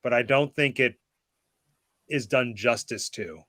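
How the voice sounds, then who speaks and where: Man, middle pitch, bright tone, articulate, reflective casual chat, dry recording. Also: measured pace, no echo. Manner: articulate, reflective film opinions. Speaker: co-host.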